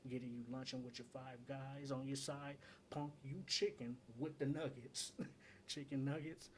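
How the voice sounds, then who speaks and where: A man's voice: mid-range voice, little pitch movement, normal speed, a little hiss or hum. A man hosting a casual breakdown of rap battle lyrics, repeating lines and asking "get it?" as he explains each joke.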